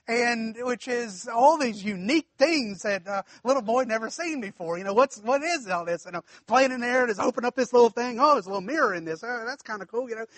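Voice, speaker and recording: High, bright-voiced man preaching folksy stories. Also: dry recording. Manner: folksy, chuckling, addresses the congregation directly. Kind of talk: storytelling sermon.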